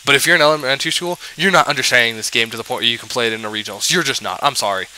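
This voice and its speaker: A man's voice: mid-range voice, very fast, sharp tone, rough recording. A man in a casual, exasperated rant about a card game, sarcastic and rambling, full of fillers and restarts. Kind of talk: ranting commentary.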